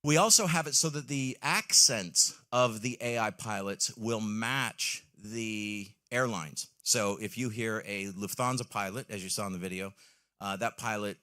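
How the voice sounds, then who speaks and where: Man, fairly low voice, bright forceful tone, enthusiastic stage product pitch, lots of ums. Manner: enthusiastic, frequent ums and uhs, asks the audience questions. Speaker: company presenter on stage. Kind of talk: live stage product presentation. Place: stage at a trade show in a large hall.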